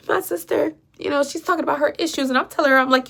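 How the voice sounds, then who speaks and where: A woman's voice: high voice, fairly quick, gravelly, few pauses, a bit bright. A young woman vlogging an emotional story, upset, repeating herself and sometimes dropping to a whisper.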